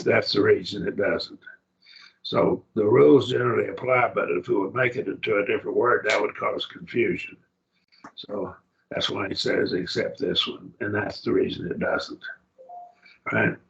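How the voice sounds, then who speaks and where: A man's voice: on the low side, creaky, fairly bright tone, dull audio. A man teaching a Greek grammar class, explaining patiently and often checking that students follow.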